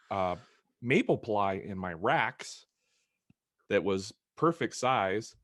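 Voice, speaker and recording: Wry woodworker on a dry call. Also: male voice, lowish voice, a bit bright, no echo. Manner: wry, self-mocking. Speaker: podcast co-host, woodworker. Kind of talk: casual chat. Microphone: remote video call.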